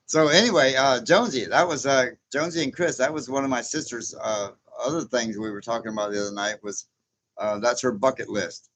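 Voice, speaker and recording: A man in his sixties hosts a casual livestream, reading out viewer comments and chatting back. His voice sits at an ordinary middle pitch, and he talks in a loose, rambling way, chuckling often along the way. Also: brisk, a bit bright, a little hiss or hum. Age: 60s. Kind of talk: casual live chat.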